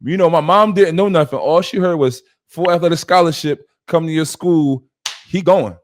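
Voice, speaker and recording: Man telling a lively story. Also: a little high, moderate pace. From West Philadelphia. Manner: acts out quoted dialogue with shifting voices. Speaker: podcast host. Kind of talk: animated storytelling.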